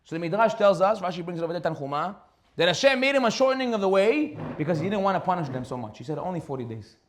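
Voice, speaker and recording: Fast-talking, high-voiced rabbi preaching. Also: male voice. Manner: animated storytelling, rhetorical questions, laughs often. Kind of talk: sermon.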